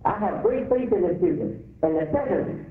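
Man, African American accent, sermon, lively pitch, echoey room. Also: moderate pace. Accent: African American English. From United States. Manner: preaching with rising emphasis and repetition. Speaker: imam. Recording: echoey room over a phone-like line.

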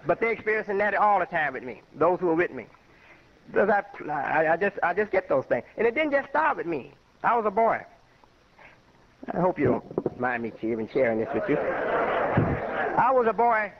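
An older man from Chicago, an imam, giving a rambling, conversational lecture full of personal anecdotes. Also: sits high. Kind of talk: informal spoken lecture. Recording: muffled lo-fi radio recording.

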